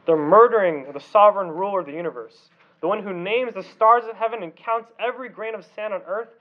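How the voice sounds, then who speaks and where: Man, high-pitched voice, preaching a sermon, intense, loud emphasis then hushed drops, slightly muffled sound. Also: brisk. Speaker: pastor.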